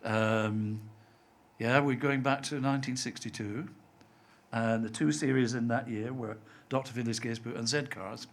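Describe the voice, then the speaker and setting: Older Scottish man, softened accent, seasoned TV writer as interview guest; chatty storyteller who mimics the people he quotes. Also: medium pitch, steady tone, normal speed. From Scotland. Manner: chatty storyteller, acts out quoted voices, laughs often. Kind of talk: anecdotal live interview.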